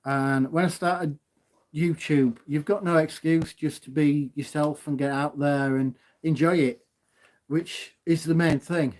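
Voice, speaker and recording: A loud, gobby man chats on a live stream from his phone at home, laughing as he goes. His voice sits fairly high for a man, and he takes his time over the words. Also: steady tone, measured pace. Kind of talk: casual live stream chat.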